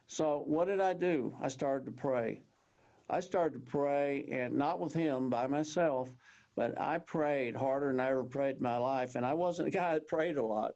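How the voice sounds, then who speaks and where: A man, telling his personal story as an interview guest in an earnest, halting way with many restarts. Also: medium pitch, mellow. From Texas. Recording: dull lo-fi audio.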